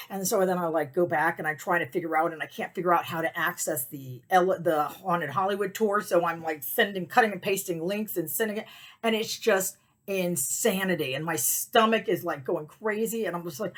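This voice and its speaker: A woman hosting a podcast, telling a personal story in a casual, animated way and acting out her own panicked thoughts. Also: fairly low pitch, moderate pace. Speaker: podcast host.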